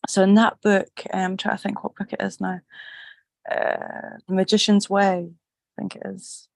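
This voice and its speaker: A chatty, upbeat middle-aged woman with a Scottish accent that carries a slight Australian twang. She keeps her pitch fairly flat and even as she talks, and the recording is dry and close. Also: moderate pace, gravelly, no echo. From Scotland. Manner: chatty, upbeat, swears casually. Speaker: group call participant. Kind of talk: casual chat.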